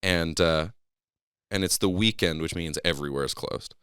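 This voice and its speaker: A man's voice: sits low, moderate pace, clear, resonant tone, dry recording, clean studio sound. A man casually telling a long story on a podcast, acting out the people in it with raised voices. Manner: animated, acts out quoted people in a raised voice.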